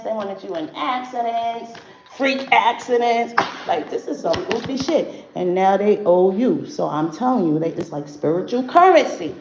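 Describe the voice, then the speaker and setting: Blunt, profane woman reading on a livestream. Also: medium pitch. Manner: blunt and profane, talks to chat directly. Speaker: spiritual reader livestreaming to viewers. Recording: dull roomy livestream audio with faint noise.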